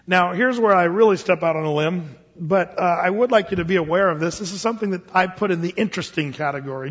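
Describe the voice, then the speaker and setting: Male pastor, high voice, chatty sermon delivery with restarts, muffled lo-fi sound, long church reverb. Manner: conversational preaching with frequent restarts and fillers.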